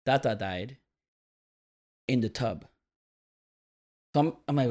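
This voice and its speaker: A man telling a long, rambling story to friends on a podcast, animated and laughing as he goes. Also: medium pitch, moderate pace, pauses often. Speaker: podcast co-host. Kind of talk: casual storytelling among friends.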